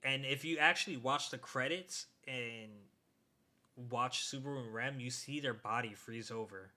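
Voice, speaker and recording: A young man chats loosely with a friend about an episode he just watched. His voice is bright and forceful. He swears and climbs high when he gets worked up. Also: moderate pace. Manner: excitable, swears, rises sharply when worked up. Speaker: podcast co-host. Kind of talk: casual chat recapping an anime episode.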